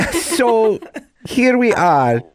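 A man's voice: sits high, sing-song, extremely slow, heavy background noise, voice pushed down, heavily acted. A radio host voicing a pompous, rude male French rug maker with a fake French accent, making a prank phone call. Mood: haughty. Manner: haughty, insulting, pushy.

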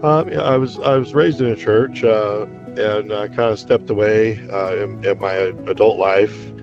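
A man sharing a personal faith story as a radio guest, hesitant and halting, repeating words as he gets emotional. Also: fairly low pitch, fairly even intonation, muffled recording, music in the background.

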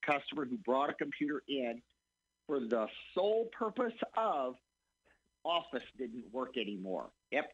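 Man, radio tech advice, husky, animated pitch, muffled lo-fi sound. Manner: casual, halting, explains step by step. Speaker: computer repair expert guest. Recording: dull, muffled radio audio.

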